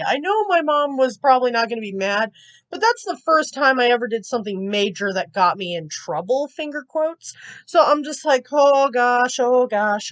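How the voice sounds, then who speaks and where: Young female vlogger with a high voice, rambling storyteller, amused and animated. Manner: rambling, chatty, full of "like" and "you know". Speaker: gaming YouTuber telling a storytime. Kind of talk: casual storytime vlog.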